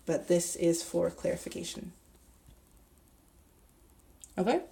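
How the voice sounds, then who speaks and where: A young woman teaching a grammar lesson, talking slowly and deliberately while writing on a board and spelling things out. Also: lowish voice, vocal fry, warm tone. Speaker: Spanish teacher.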